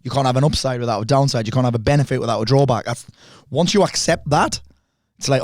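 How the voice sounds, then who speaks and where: A man, a podcast guest talking bluntly and fast, with lots of swearing. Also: medium pitch, no room sound. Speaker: podcast guest, speaker and coach. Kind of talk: candid conversation.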